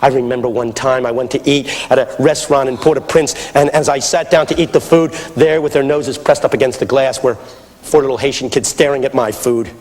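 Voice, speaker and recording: A middle-aged man preaching a sermon, swinging from shouted appeals to hushed storytelling. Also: medium pitch, steady tone, brisk, long reverb tail.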